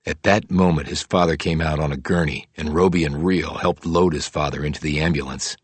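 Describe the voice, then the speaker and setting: Deep, husky male audiobook narrator. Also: no room sound. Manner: steady, measured. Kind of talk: scripted narration.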